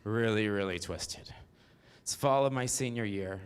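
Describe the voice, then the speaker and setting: A man's voice: lowish voice, measured pace, clean tone. A man, telling his life story on stage in a frank, profane style with asides to the audience. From Mississippi. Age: 40s. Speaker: solo performer. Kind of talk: autobiographical stand-up storytelling.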